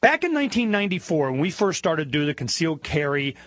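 A man hosting a talk show, telling a story in an animated, indignant rant that climbs in pitch as he gets worked up. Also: quick pace, no room sound. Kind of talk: opinionated monologue.

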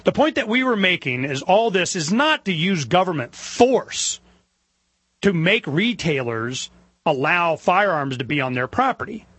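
A middle-aged man hosting a talk show, telling stories in a rambling, animated way with lots of asides. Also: sits high, measured pace, slightly rough, no room sound. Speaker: radio talk show host. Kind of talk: casual monologue.

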